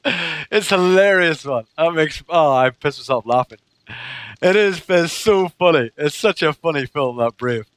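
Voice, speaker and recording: A man's voice: on the high side, expressive, moderate pace, a bit bright, dry recording. Chatty, giggly streamer guy. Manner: chatty, laughs often. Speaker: game streamer. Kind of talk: casual livestream chat with viewers.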